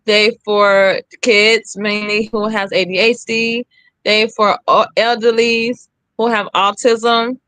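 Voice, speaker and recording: Emphatic woman with a bright, close voice. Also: mid-range voice, flat delivery, slow pace, no room sound. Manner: emphatic, re-enacts her own and others' lines. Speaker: guest sharing her story. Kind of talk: candid personal storytelling.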